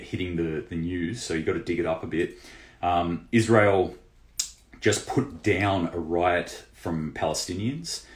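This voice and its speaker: A man hosting a casual news roundup for a prepping channel, loose and conversational with lots of fillers and restarts. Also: low voice. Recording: roomy echo.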